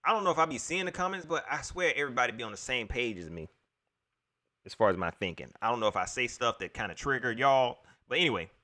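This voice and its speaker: A man's voice: mid-range voice, expressive, fast, pushed and bright. A man hosting a casual solo livestream, rambling and exasperated as he vents to his viewers and repeats his points. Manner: rambling, exasperated sports-fan venting to chat; addresses viewers directly, repeats himself. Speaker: livestream host.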